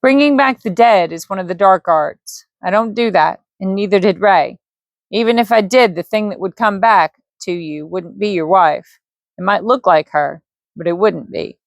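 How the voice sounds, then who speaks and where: Woman, bedtime story reading, relaxed offhand manner, dry sound. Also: fairly low pitch, normal speed, creaky, no room sound. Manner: relaxed, with offhand slips and asides. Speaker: audiobook reader.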